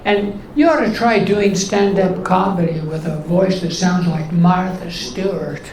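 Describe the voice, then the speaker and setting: A man in his eighties doing stand-up in a comedy club, telling deadpan one-liners in a voice left high by voice surgery. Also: unhurried, a crowd in the background. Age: 80s. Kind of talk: stand-up routine. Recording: echoey club with room noise.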